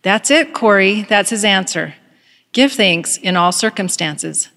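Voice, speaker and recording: A woman's voice: medium pitch, animated, unhurried, bright, forceful tone, in a large hall. A woman voicing a hopeful, devout woman prisoner who speaks eagerly and serenely.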